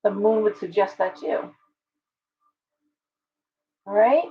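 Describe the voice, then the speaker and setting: A woman reads tarot on a casual live stream, speaking slowly in a medium-pitched voice. She talks it through aloud with chatty restarts and welcomes viewers by name over dull, lo-fi audio.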